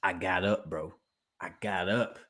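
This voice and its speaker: A young man in casual chat, telling a story animatedly and acting out scenes with loud outbursts and laughter. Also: deep voice, fairly even intonation, measured pace.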